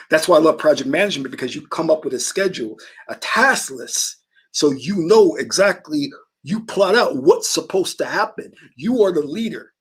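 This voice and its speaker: A man's voice: on the high side, expressive, normal speed, fairly bright tone, breathy edge. A man hosting a casual talk stream, telling stories in an emphatic way. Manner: emphatic storytelling. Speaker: host.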